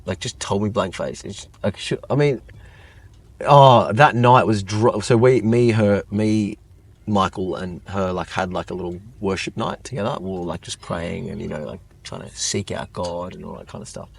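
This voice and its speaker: Guest: young guy, lowish voice, rambling storyteller, heavy on "like". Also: normal speed, creaky, breathy edge. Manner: rambling, lots of "like", animated retelling. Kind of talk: casual storytelling chat.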